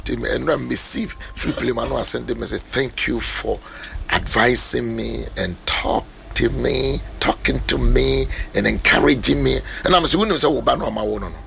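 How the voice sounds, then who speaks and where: A man's voice: mid-range voice, normal speed, vocal fry, slight background noise. A man preaching as pastor, telling stories and switching between Twi and English, acting out the voices of people he met. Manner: animated storyteller, mixes Twi and English, acts out voices. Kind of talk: sermon talk on mentorship.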